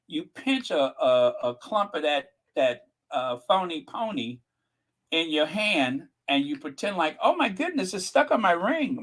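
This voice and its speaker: A man's voice: fairly high pitch, low-quality recording. A man hosting his channel in casual gossip commentary, sassy and mocking. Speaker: channel host.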